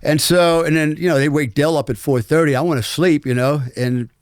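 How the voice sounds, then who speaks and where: A man's voice: on the high side, fairly even intonation, a little fast, clear, resonant tone, no echo, clean studio sound. A middle-aged American man, a former special forces soldier, telling war stories as a podcast guest in a frank, rambling way with many fillers. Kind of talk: storytelling in a conversational interview.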